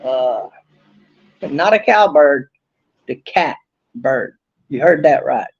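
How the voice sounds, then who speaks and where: Gravelly man rambling folksy outdoors. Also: a little high, lively intonation, highs cut off. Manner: rambling, folksy, drawn-out fillers. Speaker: vlogger. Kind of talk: casual outdoor vlog. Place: outdoors behind a house.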